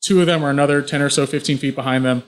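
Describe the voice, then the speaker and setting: A man's voice: mid-range voice, steady tone, racing. A man running a tabletop game as game master, describing the action vividly with frequent restarts.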